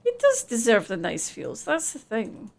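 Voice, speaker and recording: A woman's voice: on the high side, wildly swooping pitch, unhurried, creaky, a little mellow. A woman streaming a game live, chatting casually, laughing easily and reading the game's text aloud.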